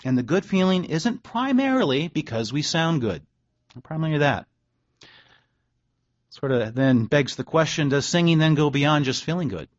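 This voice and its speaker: Male pastor, slightly raised pitch, conversational sermon, muffled lo-fi recording. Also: very animated, moderate pace. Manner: conversational preaching, reads quotes aloud, wry asides. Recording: dull lo-fi recording.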